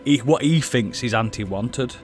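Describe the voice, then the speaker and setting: A man's voice: medium pitch, normal speed, soft background music. A man, a player in a tabletop game who talks for his character and swears freely.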